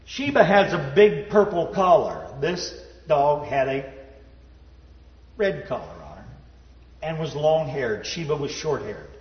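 A man telling a personal story in a sermon, folksy and self-deprecating, dropping to a low hush at the sad parts. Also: very animated, unhurried. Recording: roomy hall reverb, dull sound.

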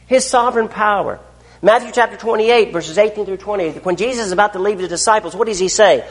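Animated preacher in a reverberant hall. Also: male voice, high voice, fairly quick. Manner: animated, rhetorical questions, swings between loud and hushed. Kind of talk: sermon. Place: church.

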